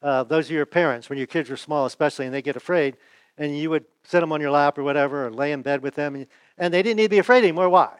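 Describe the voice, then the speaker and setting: A man's voice: fairly high pitch, fast talker, smooth, no room sound. Folksy, conversational male pastor preaching. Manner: asks the audience rhetorical questions; folksy, chuckles and restarts. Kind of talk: conversational sermon.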